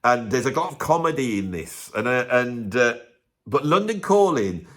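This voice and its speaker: A man's voice: mid-range voice, sing-song, normal speed, a bit bright. A man hosting a music channel, delivering a grumpy, emphatic, opinionated rant to camera in a casual way. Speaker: music video host.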